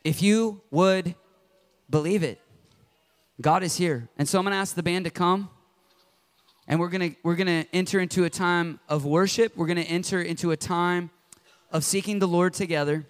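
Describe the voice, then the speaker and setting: High-voiced passionate preacher. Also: male voice, fairly even intonation, moderate pace. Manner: passionate, swings between loud and hushed. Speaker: pastor. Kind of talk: sermon.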